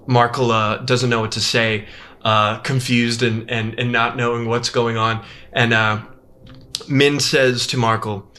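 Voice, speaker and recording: A man's voice: mid-range voice, fairly even intonation, takes it slowly, sharp tone. A man narrating a tabletop game as game master, in loose rambling speech full of fillers.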